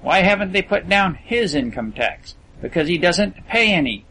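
Man putting on a boastful rich schoolboy, lifted higher voice, lofty and dismissive, audiobook. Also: big pitch swings, normal speed, bright, forceful tone, a little hiss or hum, full character voice. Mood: confiding. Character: boastful wealthy teenage boy, scornful and secretive.

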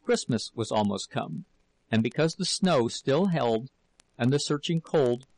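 A man reading a novel aloud as narrator, in a steady, measured storytelling manner with a gravelly voice. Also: mid-range voice, no echo, low-quality recording. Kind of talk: audiobook reading.

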